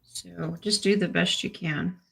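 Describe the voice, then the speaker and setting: Bright-voiced blunt woman. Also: fairly low pitch, a little slow, creaky, breathy edge. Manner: blunt, joking, laughs often. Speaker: tarot reader co-host. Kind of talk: casual group chat reading cards.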